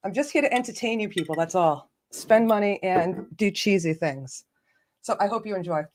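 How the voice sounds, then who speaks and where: A woman's voice: medium pitch, animated, normal speed. A woman hosting a casual live stream, chatty and self-joking, laughing often and greeting viewers by name. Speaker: livestream host.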